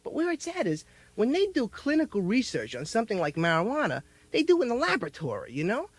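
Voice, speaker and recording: Rambling young stand-up comic, lively pitch. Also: male voice, fast talker, no room sound. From United States. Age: 20s. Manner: rambling, riffing with many "you know"s. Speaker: stand-up comedian. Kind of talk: stand-up comedy. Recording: noisy vintage vinyl album.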